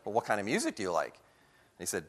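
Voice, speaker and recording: A man giving a lively storytelling talk to an audience, acting out the voices of people in his story. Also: on the low side, fast. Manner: animated storyteller acting out quotes. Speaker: guest speaker. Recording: long hall reverb.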